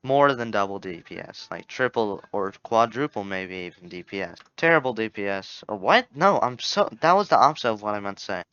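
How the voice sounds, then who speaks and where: Young guy rambling thru a game tier list, bright clear voice, kinda muffled dull mic. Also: on the low side, animated, fairly quick, few pauses, no room sound. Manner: rambling, self-correcting, jokey. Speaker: gaming YouTuber. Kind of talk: casual tier-list commentary.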